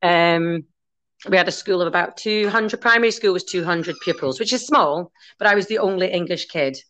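A woman's voice: fairly low pitch, moderate pace, fairly bright tone, slight background noise. A woman raised in Scotland, chatting casually on a podcast as a guest who teaches Gaelic, rambling with many restarts.

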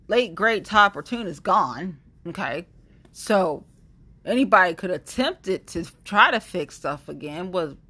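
A young woman talking in a casual monologue, rambling and animated, with blunt opinions and lots of fillers. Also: mid-range voice. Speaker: vlogger sharing opinions.

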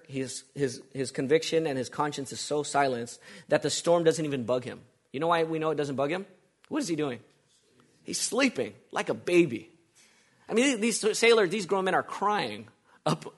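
Emphatic preacher, man, slightly high voice. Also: breathy edge. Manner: emphatic, repeats phrases, asks rhetorical questions. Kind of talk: sermon.

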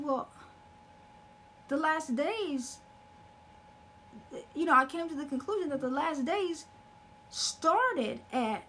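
High-pitched lady preaching, earnest, repeats herself a lot, bit of faint noise behind. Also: a bit bright. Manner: earnest, repeats phrases for emphasis, with fillers. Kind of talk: sermon.

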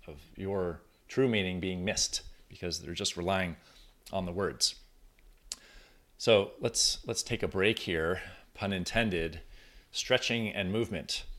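A man with a deep, low-pitched voice hosts a solo podcast and speaks to his listeners in a loose, conversational way. He often restarts and corrects himself in the middle of a thought, as if thinking aloud at his desk. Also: a bit bright. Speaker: podcast host. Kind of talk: casual solo podcast talk. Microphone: recording on camera at desk.

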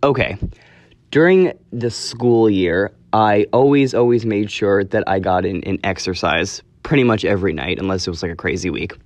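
A man's voice: lowish voice, normal speed, no room sound. A teenage boy hosting his own podcast, talking casually and earnestly, often correcting himself as he goes. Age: teens. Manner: rambling, earnest, self-correcting. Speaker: podcast host. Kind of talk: casual solo podcast talk.

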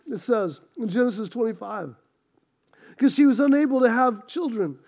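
Brief: high-voiced male preacher, impassioned storytelling sermon. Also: animated, moderate pace, gravelly, a little mellow. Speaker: pastor.

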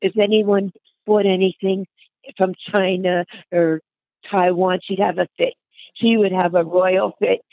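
An older woman talks through memories in a chatty way, calling the listener hon and honey as she goes. Her voice is gravelly, with a worn grain to it. The sound is tinny and phone-like, close and dry with no room around it. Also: mid-range voice, little pitch movement, a little slow, dry recording. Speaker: interviewee. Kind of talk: reminiscing conversation.

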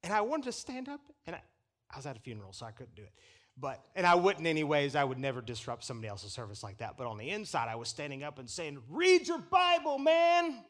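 A man preaching a sermon from the pulpit, animated and chuckling as he acts out the people he quotes. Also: medium pitch, fast talker. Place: church pulpit.

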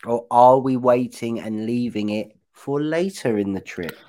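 A man of middle pitch chats on a podcast as co-host. He rambles into stories, trails off and picks the thread back up. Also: unhurried, warm tone. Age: young adult or older. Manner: chatty, rambling storyteller who trails off and restarts. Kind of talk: casual chat.

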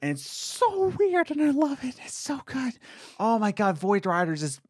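A young man co-hosting a casual podcast about video games, talking in an excited, rambling way. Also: moderate pace, no echo, clean studio sound. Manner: excited, rambling, jumps between high and low pitch. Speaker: podcast co-host.

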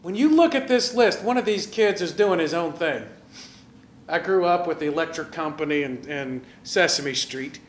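A man preaching a sermon in a lively, conversational way, asking his listeners questions and directing slides. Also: a little high, normal speed, echoey room. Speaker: pastor.

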